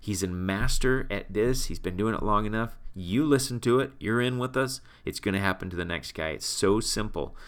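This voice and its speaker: A man with a fairly low voice coaches his sales team in a motivational talk. He speaks with energy and hammers his points home with repetition. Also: normal speed, few pauses. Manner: energetic, emphatic, repeats for punch. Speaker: team leader and sales trainer.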